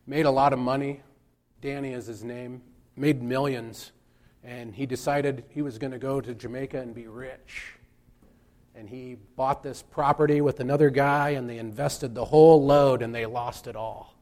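A man giving a reflective sermon, speaking in a measured way and pausing for emphasis. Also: medium pitch, steady tone, darkish tone. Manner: slow, measured, with pauses for emphasis. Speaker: preacher.

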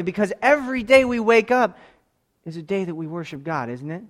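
A man with a high-pitched voice preaching a sermon. He speaks emphatically, pressing his listeners with direct questions. He swings from loud, urgent exhortation to soft, close asides. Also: expressive, normal speed. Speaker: pastor.

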